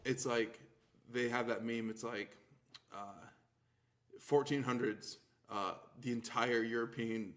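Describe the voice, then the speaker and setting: A man's voice: medium pitch, steady tone, takes it slowly. A man co-hosting a podcast, trading crude comedic banter, swearing and laughing often. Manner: laughs often, profane and mocking. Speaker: podcast co-host.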